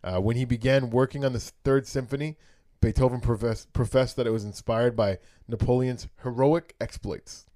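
A man's voice: mid-range voice, steady tone, moderate pace, few pauses, mellow, dry recording, clean studio sound. A young man co-hosting a casual comedy podcast, reading history facts aloud with fillers and casual swearing. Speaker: podcast co-host.

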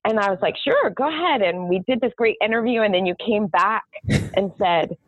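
A woman's voice: medium pitch, steady tone, no echo. Chatty woman on a tinny phone line. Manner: chatty, laughs often, quick storytelling. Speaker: guest, owner of a kids baking party business. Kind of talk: casual interview chat. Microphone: phone call.

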